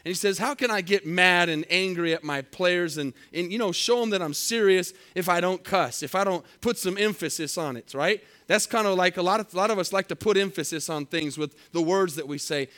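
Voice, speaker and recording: Guy preaching, kinda high voice, slow heavy bible reading then chatty storytelling. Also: a bit bright. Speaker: pastor. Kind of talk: sermon.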